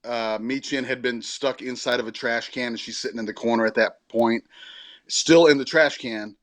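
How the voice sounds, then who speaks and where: A man of ordinary pitch co-hosts a casual podcast and talks through his opinions in a loose, rambling way. He keeps stopping to correct himself. His voice is recorded close and dry, with no room sound at all. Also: steady tone, moderate pace, no room sound. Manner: rambling, self-correcting storytelling. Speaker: podcast co-host. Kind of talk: casual chat.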